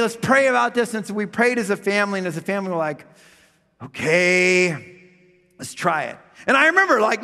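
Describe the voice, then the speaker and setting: Animated middle-aged preacher in a hall. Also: male voice, sits high. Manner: animated storyteller, swings from loud comic voices to quiet reflection. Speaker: pastor. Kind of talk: sermon with comic storytelling. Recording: long hall reverb.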